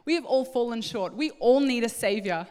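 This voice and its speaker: A middle-aged woman preaching a sermon, animated and acting out little scenes in different voices. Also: a little high, moderate pace, clear, resonant tone. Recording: echoey hall with long reverb.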